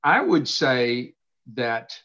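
A man's voice: medium pitch, expressive, fairly bright tone. Earnest middle-aged man teaching on a dull call. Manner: earnest, expounding scripture with emphatic slow stresses. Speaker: host. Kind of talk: casual faith conversation, teaching. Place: home study with books behind him. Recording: dull lo-fi sound.

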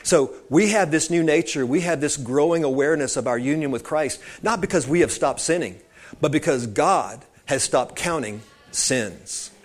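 A man's voice: fairly high pitch, moderate pace. A man preaching an informal sermon, talking conversationally and wandering into asides, calling his listeners saints.

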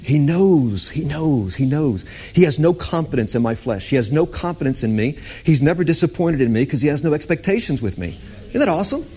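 A man preaching a sermon, animated, swinging between high excited exclamations and low hushed tones. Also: a little fast. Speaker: pastor.

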